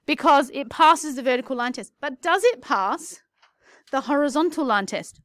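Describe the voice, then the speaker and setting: A woman explains maths as a teacher, chatty and jokey. Her voice sits high. The recording is close and dry, with no room sound. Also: animated, normal speed, fairly bright tone, no echo. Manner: playful, chatty, jokey asides.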